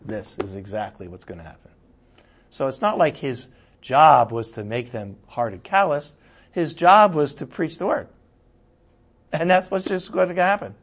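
A man preaching a conversational sermon, swinging between loud exclamations and quiet asides. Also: fairly high pitch, lively intonation, normal speed. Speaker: pastor.

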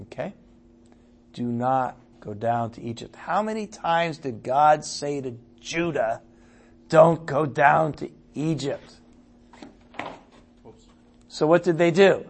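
Guy with a raspy fry-ish voice, kinda high, preaching a bible study, drops quiet then gets loud. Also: animated, slow, long pauses. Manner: swings from quiet asides to loud emphatic scripture reading; conversational, checks in with listeners. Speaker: Bible teacher. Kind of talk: evening Bible study sermon.

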